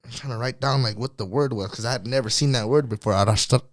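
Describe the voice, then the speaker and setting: A man's voice: mid-range voice, fast talker, no room sound, studio quality. A man guesting on a podcast interview, talking in a laid-back, slangy way and laughing often. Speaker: guest singer.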